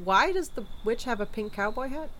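Casting: a woman playing a dry, teasing, exasperated partner with a lively voice, audio drama. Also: on the high side, brisk, a little hiss or hum.

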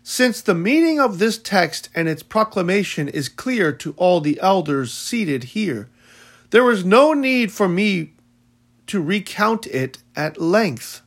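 A man's voice: sits high, a bit bright, full character voice. A man voicing a grieving widowed mother who pleads formally before village elders, read as an audiobook. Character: grieving widowed mother, dignified then desperate. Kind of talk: audiobook reading.

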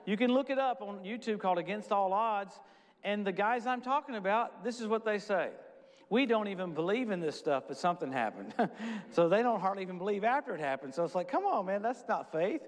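Man, middle-aged, preacher, high voice, casual storytelling sermon, long hall reverb. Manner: casual storytelling, quick asides. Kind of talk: sermon with testimonies.

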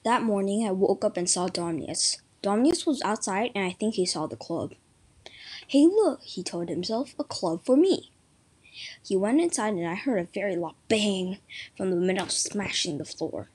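A woman's voice: mid-range voice, moderate pace, slightly rough. A woman reading a story aloud, lifting her voice for the quoted lines. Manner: lively read-aloud delivery, raising voice for quoted lines.

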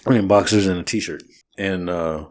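A man's voice: deep voice, moderate pace, darkish tone. A man co-hosting a casual podcast, recapping a movie in a loose, rambling way and briefly acting out characters' lines. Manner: rambling, acts out lines from scenes. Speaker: podcast co-host.

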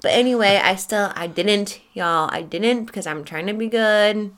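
A woman from Michigan, a podcast co-host, chatting casually with her husband, playful and teasing and quick to laugh. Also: medium pitch, fairly bright tone. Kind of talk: casual chat.

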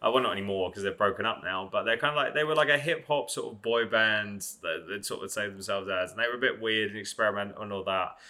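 A man's voice: fairly low pitch, quick pace, few pauses, sharp tone. A young man hosting a podcast, chatting casually and rambling with many fillers and restarts. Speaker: podcast host. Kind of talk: casual chat.

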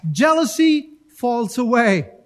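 A male pastor preaching a sermon in church, animated, acting out little voices and asides to the congregation. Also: very high-pitched, slow pace.

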